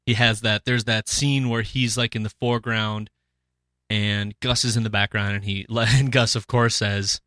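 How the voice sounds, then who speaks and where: A man's voice: fairly low pitch, little pitch movement, normal speed, sharp tone, no echo, studio quality. A man hosting a casual podcast chat, joking and animatedly retelling scenes. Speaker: podcast host.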